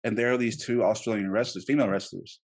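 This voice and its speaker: A man in his thirties hosting a casual podcast interview, animated and laughing, often repeating words as he talks. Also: fairly low pitch, fast. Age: 30s. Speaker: podcast host.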